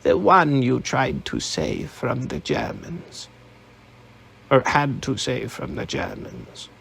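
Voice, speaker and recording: A man's voice: medium pitch, wildly swooping pitch, takes it slowly, gravelly, fairly bright tone, husky, heavily acted. A man reading an audiobook, voicing a suspicious old woman leader with a crackly, scornful voice. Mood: probing. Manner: scornful, dismissive.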